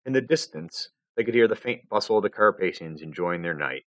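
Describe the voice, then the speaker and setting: A man reads a story aloud, his low voice swinging widely in pitch as he narrates. The sound is close and dry, with almost no room echo. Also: expressive, brisk, hardly any pauses, highs cut off. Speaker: fanfiction reader. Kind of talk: live reading of fan fiction.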